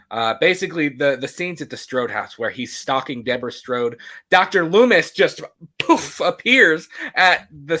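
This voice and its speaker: A man with a fairly high, bright voice that swings widely in pitch talks through a film in casual podcast chatter. He laughs often and slips into quick impressions of the characters. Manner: animated, laughs often, acts out characters' lines. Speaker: podcast co-host. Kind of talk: casual movie commentary.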